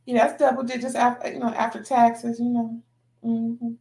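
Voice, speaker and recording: A woman's voice: a little high, little pitch movement, moderate pace, creaky, warm tone. A woman chatting casually as she recaps a reality TV episode, gossipy and slangy, laughing often between remarks. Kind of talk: casual commentary.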